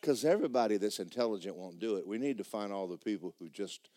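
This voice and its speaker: A man preaching a sermon in church, jumping between loud, high shouts and low muttered asides, mimicking skeptics as he tells stories. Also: fast. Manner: storytelling, mimics skeptics mockingly. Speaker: pastor.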